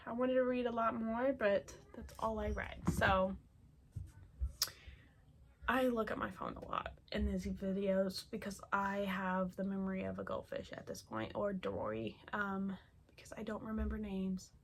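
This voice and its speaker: A woman's voice: mid-range voice, vocal fry, a little hiss or hum. A young woman chatting at home about the books she read this month, gushing and rambling with lots of fillers and repeated words. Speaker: book vlogger. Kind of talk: casual monthly reading wrap-up.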